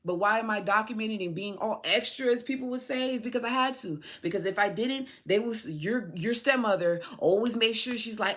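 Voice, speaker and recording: A woman's voice: fairly high pitch, normal speed, few pauses, a bit bright. Aggrieved woman pouring out a monologue. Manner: aggrieved, pleading, repeats herself for emphasis. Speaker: podcast host, mother addressing her son. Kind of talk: emotional personal monologue.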